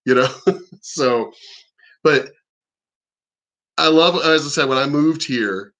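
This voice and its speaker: This male vlogger from the East Coast goes on a casual, profanity-laced rant, blunt and animated. He speaks slowly, and his voice is a little high with a somewhat bright quality.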